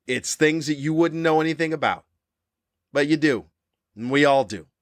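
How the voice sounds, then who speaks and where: A man in his fifties hosting a podcast, delivering a cranky comedic monologue with animated, ranting jabs. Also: normal speed, no room sound. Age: 50s. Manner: animated, ranting, with sudden high-pitched jabs. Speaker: podcast host.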